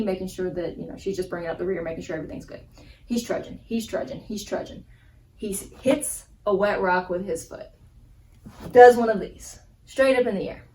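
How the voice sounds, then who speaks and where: A young woman vlogger telling a funny personal story in a casual, animated way, laughing as she goes. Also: mid-range voice, recorded from a distance, a little hiss or hum, poor audio. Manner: animated, laughing, acts out gestures. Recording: voice a bit off-mic with faint background ambience.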